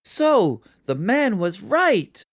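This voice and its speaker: A young boy from a storybook cries out in a high, shrill voice, as a narrator puts him on. He is easily startled, and his words jump far up in pitch. The sound is dry and close. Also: sing-song, drawn-out words, no room sound, exaggerated voice. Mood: alarmed. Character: young boy hero, scared and excited. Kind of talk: storybook reading for learners.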